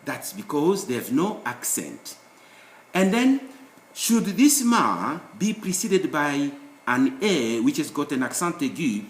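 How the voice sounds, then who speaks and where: A man's voice: mid-range voice, roomy sound. A man teaching a French pronunciation lesson, explaining rules and repeating example words with emphatic rises. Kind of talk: screen-share language lesson.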